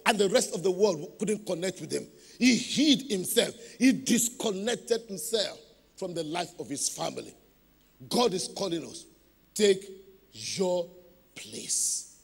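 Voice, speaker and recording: A man preaching with a very high, bright, forceful voice. He drives his points home and calls on the congregation to repeat after him. The sound carries a long reverb from the church hall. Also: vocal fry, breathy edge. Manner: emphatic preaching with call-and-response to the congregation. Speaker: pastor. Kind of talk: sermon.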